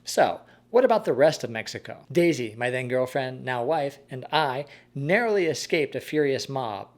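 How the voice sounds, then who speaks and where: A man calmly narrating a scripted personal story in a measured way. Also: medium pitch. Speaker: host.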